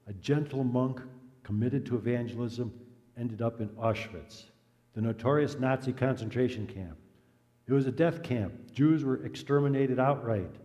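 A man preaching a sermon who tells a story in an earnest, measured way and drops to a hush at solemn moments. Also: mid-range voice, in a large hall.

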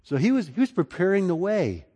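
Pastor preaching in a reverberant hall. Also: male voice, big pitch swings, fairly quick. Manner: swings between loud emphasis and quiet, low passages. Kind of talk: sermon.

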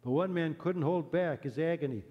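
A man preaching a sermon who tells a story in an earnest, measured way and drops to a hush at solemn moments. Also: on the high side, in a large hall, dull audio.

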